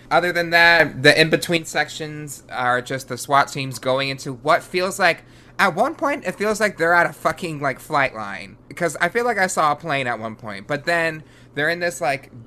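A man's voice: a little high, pushed and bright. A man hosting a podcast, chatting casually and animatedly, swearing freely and laughing often. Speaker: podcast host.

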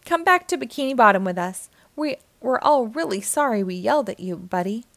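A woman voicing a spirited adult female squirrel in a cartoon storybook, with loud, urgent exclamations. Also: on the high side, animated, brisk, no room sound.

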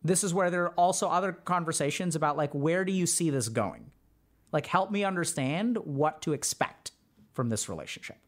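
A man's voice: fairly high pitch, animated, normal speed. A man hosting a podcast as a mental health doctor, talking through relationship advice in an earnest, conversational way with many fillers. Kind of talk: casual advice talk.

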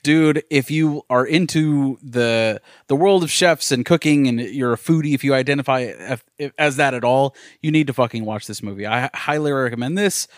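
A man chatting on a casual movie podcast, gushing and swearing freely. His voice sits in an ordinary middle pitch and sounds close and dry on the mic. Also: normal speed, few pauses, dry recording. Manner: enthusiastic, swears a lot. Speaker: podcast co-host. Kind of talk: casual chat.

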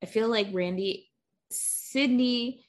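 A woman co-hosting a casual movie discussion, reflective and quick to laugh. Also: on the high side. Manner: unhurried, reflective, laughs often. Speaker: podcast co-host.

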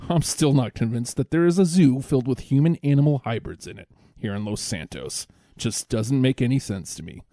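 Lively mellow-voiced radio host man. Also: medium pitch, dry recording, clean studio sound. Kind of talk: comedic call-in radio hosting.

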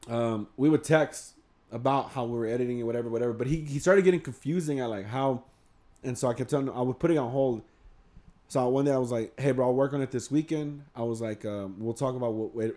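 A man's voice: mid-range voice, a little mellow. Rambling, profane man telling a story. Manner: rambling, swears freely, acts out quotes. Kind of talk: casual storytelling among friends.

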